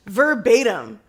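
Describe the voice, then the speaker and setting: A woman's voice: on the high side, a bit bright, slight background noise. A young woman co-hosting a podcast, telling a story in a casual chat, acting out quotes and laughing often. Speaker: podcast co-host.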